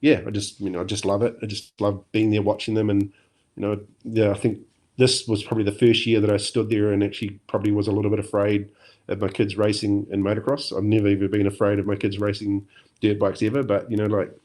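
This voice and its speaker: A middle-aged man with a New Zealand accent, chatting as a podcast guest in a relaxed, rambling way with many fillers. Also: fairly low pitch, fast talker. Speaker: podcast guest, former motocross champion. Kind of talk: casual interview chat.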